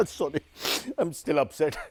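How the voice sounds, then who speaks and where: A man hosts a satirical news show, with a fairly high voice. He talks in sarcastic, self-mocking asides and wanders between jokes. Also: lively intonation, unhurried, darkish tone, soft background music. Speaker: comedy show host.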